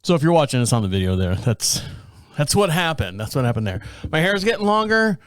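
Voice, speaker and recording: A man's voice: fairly high pitch, very animated, fast talker, dry recording. A middle-aged man hosting a podcast, telling a rambling, exasperated story with plenty of swearing from his home studio. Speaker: podcast host. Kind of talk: casual solo rant.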